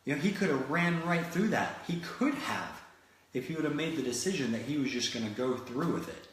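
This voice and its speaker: A man's voice: on the high side, fairly quick. Echoey motivational speaker, man. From Florida. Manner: animated storytelling with many restarts. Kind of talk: motivational talk. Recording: very echoey room.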